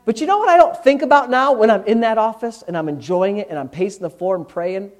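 A pastor preaches to his church congregation in a candid, conversational way, swinging between loud bursts and hushed asides. His voice sits high and his pace is quick.

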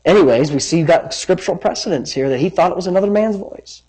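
A man preaching a sermon as pastor, reading scripture with lively emphasis and wandering into personal asides. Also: sits high, fast, slightly rough, low-quality recording. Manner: animated, dramatic scripture reading with rising emphasis; rambling asides and self-corrections.

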